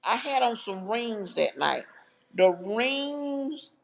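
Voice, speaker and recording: On her livestream, a woman whose gravelly voice sits on the high side speaks slowly in a sing-song way. She casually tells her viewers a personal story, heartfelt and chatty as she addresses chat.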